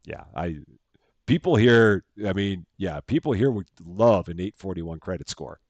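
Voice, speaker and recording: A man's voice: low-pitched, animated, measured pace, darkish tone, dry recording, highs cut off. A man chatting casually as he live-streams a game at home, thanking viewers by name and laughing at himself. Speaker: streamer playing a bank simulator game.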